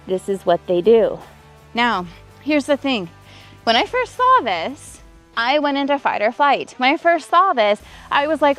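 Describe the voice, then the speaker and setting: A fairly high-voiced woman talks straight to her viewers in a personal vlog. She acts out quoted back-and-forth with lively emphasis and stacks up points in emphatic lists. Faint music plays underneath. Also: normal speed. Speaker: relationship coach. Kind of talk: personal vlog storytelling with advice.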